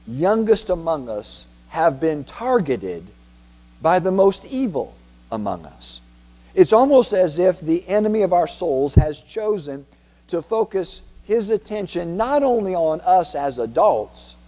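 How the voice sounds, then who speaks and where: A man's voice: a little high, warm tone. A man preaching a sermon as pastor, emphatic and repetitive, often asking the congregation rhetorical questions. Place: church sanctuary. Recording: long reverb from a church hall.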